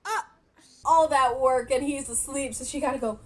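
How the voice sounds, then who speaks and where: A woman's voice: high-pitched, moderate pace, low-quality recording. A woman casually recapping a movie she watched, chatty and laughing often, with many fillers. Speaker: movie reaction vlogger.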